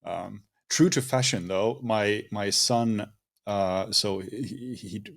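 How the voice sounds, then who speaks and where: Man, 30s, lowish voice, relaxed podcast co-host. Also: takes it slowly, creaky. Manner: easygoing, explains at length. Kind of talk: casual podcast chat.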